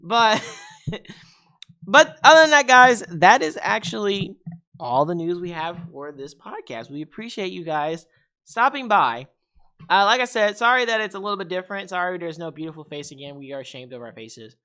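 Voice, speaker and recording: A young man hosting a casual tech podcast, animated and laughing, acting out voices of gadgets. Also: sits high, normal speed. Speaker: podcast host.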